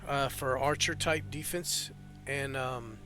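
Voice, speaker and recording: Bright-voiced man running a tabletop game. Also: mid-range voice, fairly even intonation, takes it slowly, faint music behind. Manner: rambling, with many fillers and restarts. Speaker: game master.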